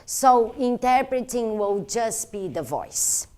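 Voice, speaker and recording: A woman's voice: on the high side, big pitch swings, takes it slowly, dark tone. A woman teaching interpreters, explaining step by step in an earnest instructional tone with slightly non-native phrasing. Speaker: interpreter trainer. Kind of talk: instructional talk.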